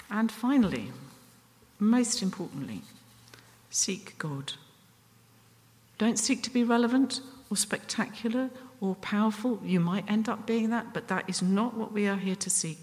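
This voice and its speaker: A woman preaching a sermon up at the front, earnest and self-deprecating, with pauses and restarts. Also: mid-range voice. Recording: long reverb from a hall.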